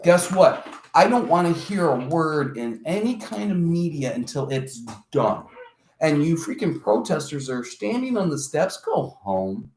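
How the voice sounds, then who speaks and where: A man's voice: on the high side, unhurried, a little hiss or hum. A man and former EMT in casual podcast chat, telling stories with swearing and quoted voices. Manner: animated storytelling, swearing, quoting others. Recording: echoey room.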